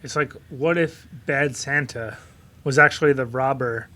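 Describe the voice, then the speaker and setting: A man co-hosting a casual beer podcast, joking and telling stories in an animated way. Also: medium pitch, a little slow. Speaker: podcast co-host. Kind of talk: casual chat.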